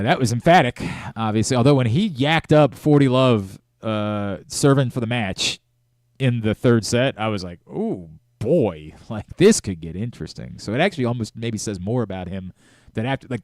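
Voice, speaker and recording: A middle-aged man hosting a sports radio talk show, talking in an animated way with frequent restarts and self-corrections. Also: mid-range voice, normal speed, dry recording, studio quality.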